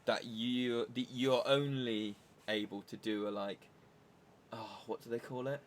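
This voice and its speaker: Man musing in a relaxed chat. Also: medium pitch, measured pace, a little hiss or hum. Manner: thoughtful, searching for words with ums and restarts. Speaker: podcast co-host. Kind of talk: casual podcast chat.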